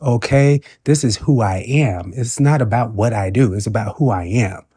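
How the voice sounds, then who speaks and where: A man in his forties with a slightly husky voice delivers a sassy, animated commentary vlog. He keeps calling the listener baby and keeps asking okay?. His voice sits at a middling pitch, recorded dry and close. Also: normal speed, dry recording. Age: 40s. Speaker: commentary vlogger.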